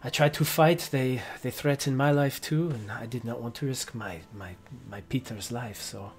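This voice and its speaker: A man voicing an ashamed, grieving father, speaking halting broken English in a tearful, subdued way. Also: medium pitch, lightly acted. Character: grieving ashamed middle-aged father, a camp foreman.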